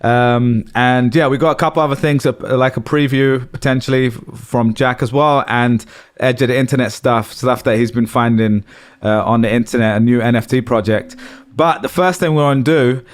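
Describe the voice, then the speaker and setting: A man's voice: mid-range voice, steady tone, normal speed. A man co-hosting a podcast, casually laying out the topics for the group. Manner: easygoing, sets up topics for the group. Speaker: podcast co-host. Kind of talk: casual chat.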